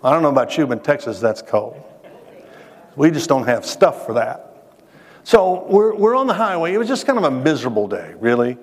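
A male preacher talks his church through a sermon in a chatty, storytelling way, often asking the congregation questions and pausing for effect. His voice is of middle pitch, and it rings out with a long hall reverb. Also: big pitch swings. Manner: conversational, addresses the congregation directly with questions; restarts phrases, dramatic pauses. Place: church sanctuary.

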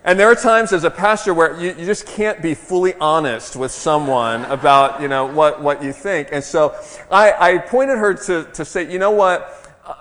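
A middle-aged man preaching a sermon as a pastor, moving between a hushed, slow prayer and lively storytelling. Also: fairly high pitch. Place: church. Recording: long reverb of a church hall.

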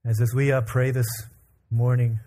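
A man preaching a sermon as pastor, calmly telling a family story and leading the congregation into prayer. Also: medium pitch, moderate pace. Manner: calm storyteller who acts out family dialogue.

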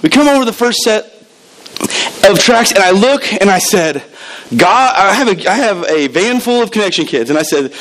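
Guy pastor preaching, high voice, animated stories, stumbles over repeated words. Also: low-quality recording. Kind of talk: sermon.

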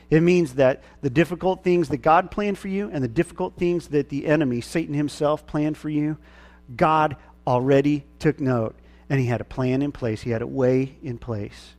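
A male pastor with a central US twang preaches in a high, bright register. He talks earnestly and pushes into emphatic, raised-voice peaks. His voice carries a long reverb from a church hall. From central United States. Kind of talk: sermon. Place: church sanctuary.

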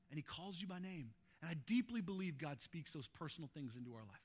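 A male pastor preaching a sermon, swinging between hushed, slow lines and loud, fervent passages. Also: a little high, expressive.

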